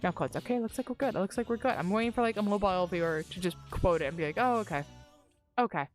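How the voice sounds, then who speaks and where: A woman streamer casually retelling a tabletop session while gaming, animated, excitable and full of profanity. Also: medium pitch, racing, faint music behind.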